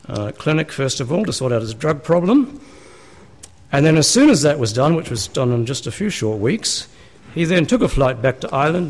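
A man, a pastor preaching a sermon in a church, talking conversationally and asking his listeners rhetorical questions. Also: mid-range voice.

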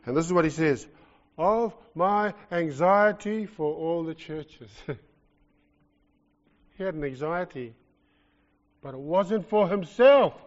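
New Zealand male preacher, fairly high voice, lively and joking, dull muffled sound. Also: slow, long pauses, in a large hall. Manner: animated, jokey, swings from loud to soft. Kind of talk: sermon. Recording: lo-fi muffled recording.

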